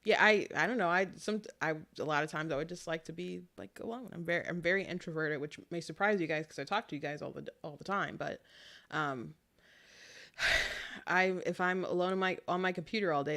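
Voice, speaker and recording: A young adult woman hosting casual political commentary, talking chattily with quick asides and frequent laughter. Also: sits low, creaky, sharp tone.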